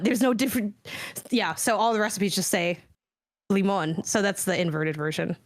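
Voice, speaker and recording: A woman on a podcast panel, talking quickly in a rambling, self-deprecating way. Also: medium pitch, dry recording. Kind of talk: casual panel chat.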